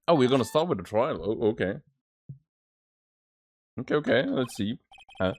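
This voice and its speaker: A man's voice: mid-range voice, lively intonation, moderate pace, long pauses, faint music behind. A man hosting a casual let's-play, rambling with lots of filler words. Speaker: gaming channel host.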